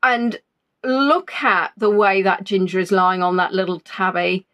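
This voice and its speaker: A woman's voice: medium pitch, fairly even intonation, a little slow, a bit bright, dull audio. Chatty woman rambling on a livestream. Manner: chatty, rambling, self-deprecating. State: not fully recovered from illness. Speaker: livestream host. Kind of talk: casual live-stream chat. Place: at home.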